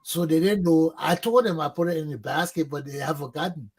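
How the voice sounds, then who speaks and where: A middle-aged man tells a story on his own talk show. His voice is husky and sits a bit high. He talks casually and lively, and he bursts into shouted quotes as he acts out the scenes. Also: fairly quick. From Liberia.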